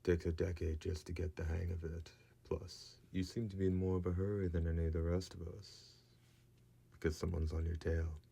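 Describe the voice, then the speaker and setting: Man reading a blunt accusing warrior, flat deep voice, dark tone. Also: normal speed, creaky, breathy edge, heavily acted. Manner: cold, accusing.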